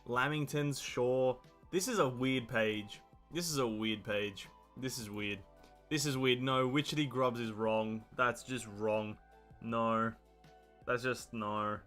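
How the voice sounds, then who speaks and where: A man's voice: medium pitch, slow, a bit bright, faint music behind. An Australian man, a game streamer, chatting casually on a live stream in a blunt, profane, opinionated and rambling way.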